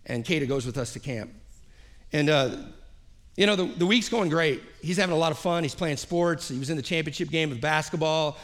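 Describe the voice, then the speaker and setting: A man's voice: fairly high pitch, fairly bright tone. A man preaching a sermon as pastor, telling a personal story and acting out the quoted dialogue, often repeating his phrases. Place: church service.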